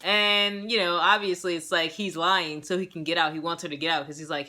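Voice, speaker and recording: A young woman giving a casual, sassy and animated recap of a show episode, full of slang. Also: sits low, brisk, few pauses. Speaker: show reviewer.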